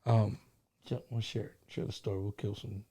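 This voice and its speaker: A man's voice: lowish voice, level tone, moderate pace, warm tone, slightly rough. A middle-aged man hosting a casual live stream, chatting and telling stories in an easygoing way, with plenty of "you know" and "man".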